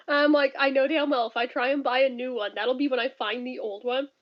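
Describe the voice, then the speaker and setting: Reading viewer comments on her home stream, a woman in her thirties talks casually in a high voice with fairly even intonation and a normal pace. She's blunt and foul-mouthed, laughs frequently and goes on rants. The stream audio is dull and lo-fi.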